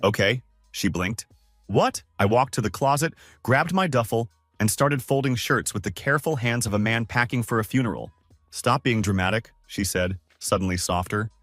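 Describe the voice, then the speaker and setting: A man's voice: mid-range voice, fairly quick, hardly any pauses, fairly bright tone, no echo, soft background music. A man narrating a first-person story with a scripted, dramatic delivery.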